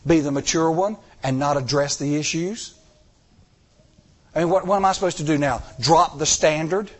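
A man's voice: fairly high pitch, moderate pace. A middle-aged man preaching a sermon, telling stories with acted-out dialogue and repeating phrases for emphasis. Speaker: church elder preaching.

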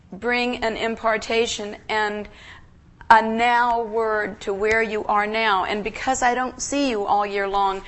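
A woman guest preacher giving an emotional, earnest sermon in a church, halting and restarting as she speaks. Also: on the high side, a bit bright.

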